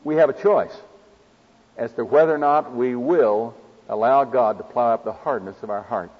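Man, Oklahoma accent, folksy sermon, breathy tone, dull lo-fi hall recording. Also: mid-range voice, moderate pace. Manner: folksy, homespun delivery with farm stories. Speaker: preacher.

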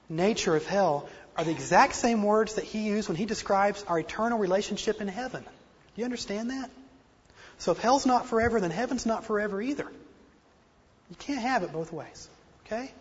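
Captured in dull lo-fi sound within a reverberant hall, a high-pitched, slightly rough-voiced man preaches with earnest, self-deprecating emphasis and has a slight speech impediment.

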